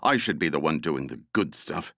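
A man's voice: a bass voice, lively intonation, normal speed, vocal fry, bright, forceful tone, no echo, studio quality, pitched below the performer's own voice, exaggerated voice. A man voicing a huge, sulky male exterminator who grumbles about his job. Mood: grumbling.

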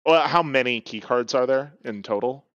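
A man's voice: mid-range voice, moderate pace, a bit bright, clear, resonant tone, no echo. A man playing as a guest in an audio puzzle game, musing over clues with dry humor. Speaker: guest player. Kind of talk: casual game chat. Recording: dull lo-fi sound.

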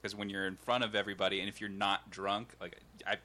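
A male podcast co-host chatting casually and stumbling over repeated words. He talks fast, his voice sitting fairly low with a bright, forceful tone. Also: level tone. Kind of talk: casual chat.

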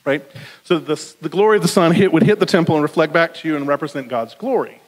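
Southern male preacher, relaxed and conversational, slightly high voice, long hall echo. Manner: conversational, jokey asides, slows for emphasis. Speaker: pastor. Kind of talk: sermon.

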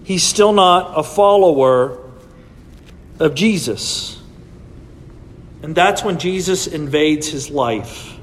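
A man's voice: fairly high pitch, animated, slow, pauses often, in a large hall, slight background noise. A man preaching a sermon to his church in a conversational way, often checking in with his listeners. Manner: conversational preaching with frequent "right?" asides. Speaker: pastor. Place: church sanctuary.

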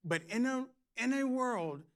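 High, bright-voiced energetic preacher man. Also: measured pace. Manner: energetic, playful preaching with shouts and humor. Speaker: pastor. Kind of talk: sermon.

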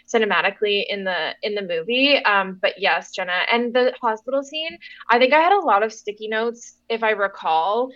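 A woman co-hosting a podcast in casual chat, rambling and animated as she retells scenes. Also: medium pitch, moderate pace. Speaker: podcast co-host. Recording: dull, dry recording.

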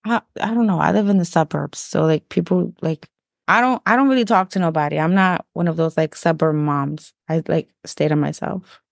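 A woman's voice: low-pitched, moderate pace, gravelly, no echo. Woman podcast co-host, blunt, teasing, casual swearing, dry close mic. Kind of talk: casual chat. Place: basement at home.

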